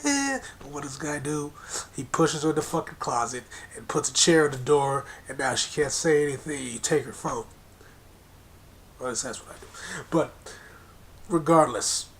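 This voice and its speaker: Profane, ranting man with a raised pitch. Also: a little hiss or hum. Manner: angry, profane, confrontational; repetitive emphatic hammering of points. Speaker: political commentator. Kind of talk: monologue rant.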